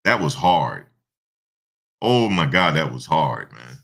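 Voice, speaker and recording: A man giving casual, slangy reaction commentary, animated and repeating himself, often breaking into laughter. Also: very deep voice, slow pace, gravelly, breathy edge. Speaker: online commentator.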